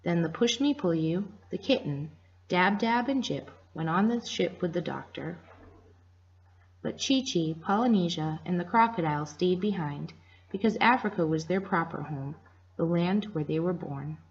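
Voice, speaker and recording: A woman reading a children's story aloud to listeners in a gentle storytelling manner, in a dull lo-fi recording. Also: fairly low pitch, animated, moderate pace, slightly rough.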